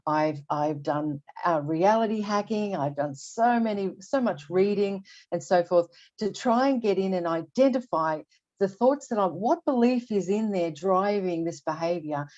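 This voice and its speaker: A woman's voice: medium pitch, expressive, unhurried, a little mellow. An older woman talking candidly as a podcast guest, often restarting and repeating words as she thinks aloud. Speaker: guest expert. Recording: dull lo-fi audio.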